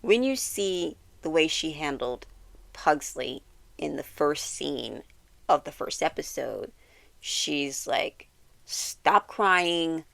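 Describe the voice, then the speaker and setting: Low, gravelly rambling vlogger voice. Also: female voice, slow, dry recording. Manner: rambling, heavy use of "like" fillers, self-correcting; quotes characters with animated bursts and laughs. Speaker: YouTuber reviewing a TV series. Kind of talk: casual episode recap and commentary.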